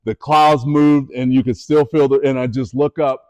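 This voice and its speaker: A man's voice: mid-range voice, moderate pace, highs cut off. A middle-aged man giving a motivational talk to students, telling his story with animation and asking the audience direct questions. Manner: animated storytelling, voices the people in his stories. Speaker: motivational speaker.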